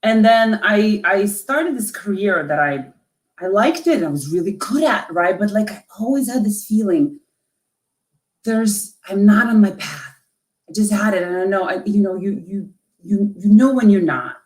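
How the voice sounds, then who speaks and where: A woman from Lithuania, a coach, telling a personal story in an interview with an emotional, halting delivery full of restarts. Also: mid-range voice, expressive, roomy sound. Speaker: guest, coach.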